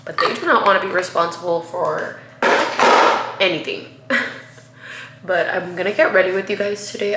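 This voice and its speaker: A chatty, upbeat woman talks straight to her viewers as she does her makeup, her voice sitting a little low but bright and forceful. The room around her is echoey, with a faint hiss of noise underneath. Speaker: beauty vlogger. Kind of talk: casual get-ready-with-me chat. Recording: roomy echo, faint noise.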